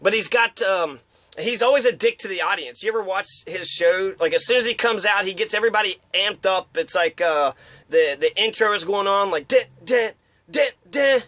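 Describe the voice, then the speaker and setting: Casting: a man with a high, bright voice, rambling and profane in a casual rant, recorded dry and close. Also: brisk, dry recording. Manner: profane, rambling, mocks others with put-on voices. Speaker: commentator.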